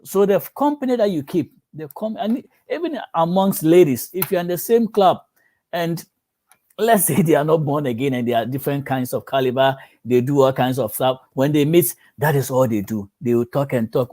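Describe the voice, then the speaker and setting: A pastor delivers a sermon in a voice that runs slightly high for a man, mellow and expressive at a moderate pace. He tells stories and takes on the voices of the people in his examples.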